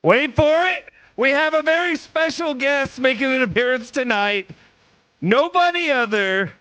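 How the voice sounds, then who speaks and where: A man's voice: extremely high pitch, expressive, measured pace, pushed and bright, dry recording. A man introducing a guest on a casual sports talk show in a playful, hyped-up way.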